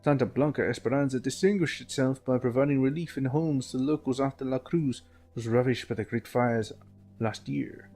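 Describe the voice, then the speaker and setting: A man's voice: medium pitch, normal speed, warm tone. Joking man reading game documents. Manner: joking, laughing, reads aloud with stumbles. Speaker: let's play host. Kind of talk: casual gameplay commentary, reading in-game documents.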